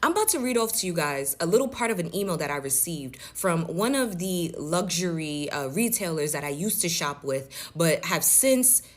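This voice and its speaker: A woman's voice: fairly low pitch, big pitch swings, moderate pace, few pauses. A woman commenting on news and reading an email aloud, blunt and profane in her delivery.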